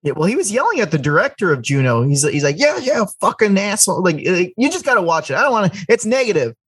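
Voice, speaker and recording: A man's voice: fast, breathy edge, dry recording. A man co-hosting a podcast, chatting casually about films, rambling with frequent restarts. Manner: rambling, restarts often, lively pitch jumps. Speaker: podcast co-host. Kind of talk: casual film chat.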